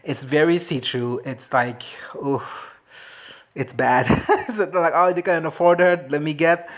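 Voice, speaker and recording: A woman chatting casually as a movie reviewer, animated and swearing, breaking into quick impressions of characters. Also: sits low. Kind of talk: casual reaction chat.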